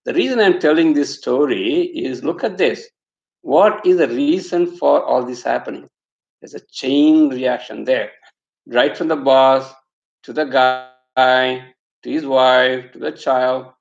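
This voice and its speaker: Ein Mann mit indischem Akzent hält einen spirituellen Vortrag und erzählt anschaulich eine Lehrgeschichte. Seine Stimme ist leicht knarzig, der Raum klingt hallig. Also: male voice, medium pitch, takes it slowly, gravelly. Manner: storytelling, acts out quotes, rhetorical asides. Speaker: spiritual teacher. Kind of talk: satsang talk with storytelling. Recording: echoey room, slightly dull sound.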